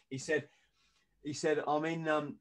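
A man's voice: a little high, slow pace. A middle-aged man, a podcast guest telling stories in casual chat and acting out what people said. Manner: lively anecdotes, acting out quoted lines in punchy bursts.

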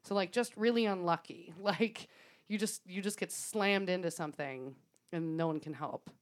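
A woman with a voice on the low side, speaking at normal speed, co-hosts a podcast and tells a story in a casual, chatty way. She laughs often and uses plenty of swearing and fillers.

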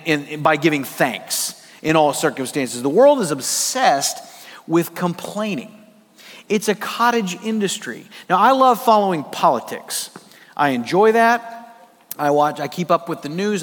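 A man's voice: high-pitched, a bit bright. A man preaching a sermon as pastor, telling stories in a conversational way with comic asides. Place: church sanctuary. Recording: long hall reverb.

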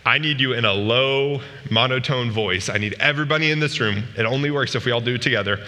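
Man, youth pastor, relaxed joking sermon, bright sharp tone, long hall echo. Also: mid-range voice, fast talker. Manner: casual and joking, asks the room questions often. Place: large room with a live audience.

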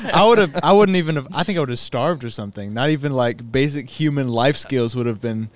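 A man's voice: mid-range voice, animated, brisk, dry recording. A man co-hosting a casual chat, laid-back and joking.

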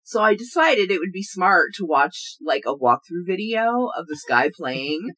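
A woman's voice: fairly low pitch, lively intonation, measured pace, fairly bright tone, breathy edge. A woman co-hosting a casual chat, playful and teasing, laughing a lot. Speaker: podcast co-host.

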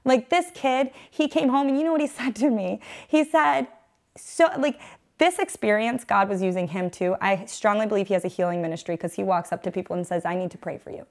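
A woman's voice: mid-range voice, brisk. A woman in her thirties, a mother, earnestly telling an emotional personal testimony in an interview. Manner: earnest, emotional storytelling, faith-focused. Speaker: guest, mother.

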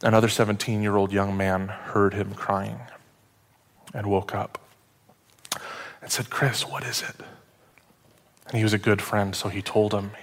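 A male pastor preaching a sermon in a conversational, self-deprecating way, dropping to hushed tones at the emotional moments of a story. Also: fairly low pitch, little pitch movement, normal speed, pauses often, in a large hall.

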